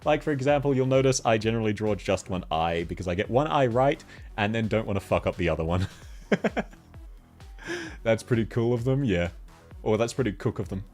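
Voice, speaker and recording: A man's voice: on the low side, animated, normal speed, a little mellow, faint music behind. A man from Australia with an Australian accent, chatting casually on a live stream, laughing often as he answers chat.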